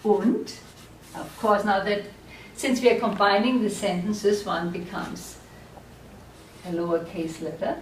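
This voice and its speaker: A woman teaches a German class at a board, explaining slowly and patiently and often checking that her students are following. Her voice is medium-pitched and steady, heard from far off in an echoey room with a little hiss or hum.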